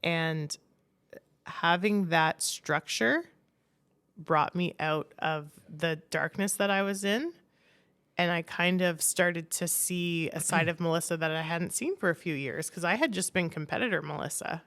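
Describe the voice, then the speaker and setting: Gravelly low-voiced woman telling a candid story. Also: a little slow, a bit bright. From Canada. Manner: frank, peppered with "like", swears casually. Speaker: podcast guest.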